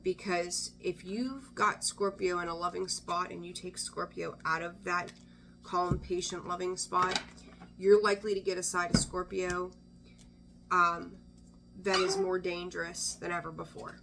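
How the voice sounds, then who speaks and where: A woman's voice: on the low side, flat delivery, measured pace, vocal fry, background noise. A woman giving a casual weekly tarot reading, chatty and blunt, swearing freely and often trailing off to restart her sentences. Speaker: tarot reader.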